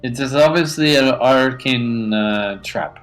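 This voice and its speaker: A man's voice: medium pitch, slow pace. A man chatting casually as a player in a tabletop game, hesitant and laughing often.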